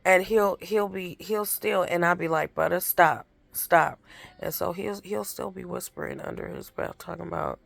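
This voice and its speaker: A woman's voice: fairly low pitch, normal speed, gravelly, few pauses, dry recording. A woman chatting casually into her phone camera at home, rambling through stories about the toddlers in her care, with lots of restarts. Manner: rambling storytelling with many restarts. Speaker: aunt caring for young children. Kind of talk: casual rambling vlog chat.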